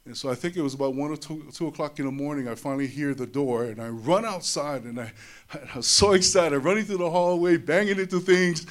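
A man giving a personal testimony to an audience. He talks in an animated way, repeats his words, and drops low and soft in tender moments. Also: fairly quick. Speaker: speaker sharing a personal testimony. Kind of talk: emotional storytelling speech.

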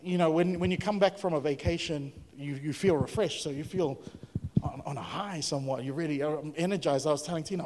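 A pastor preaches in a lively, chatty way, often turning questions to his congregation. His voice sits a little high. A long reverb from the church hall trails every phrase. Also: a little fast, a little hiss or hum. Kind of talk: sermon.

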